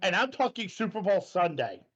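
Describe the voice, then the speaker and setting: Guy with a pretty high voice, earnest, sounds kinda muffled and lo-fi. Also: big pitch swings, moderate pace, fairly bright tone. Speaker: podcast co-host. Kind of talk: casual chat. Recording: dull lo-fi mic.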